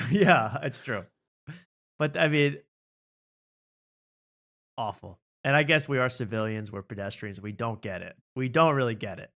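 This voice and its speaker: A man's voice: medium pitch, a little slow, long pauses, a bit bright. A man hosting a live comedy stream from a home studio, rambling and sarcastic, laughing often. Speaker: host.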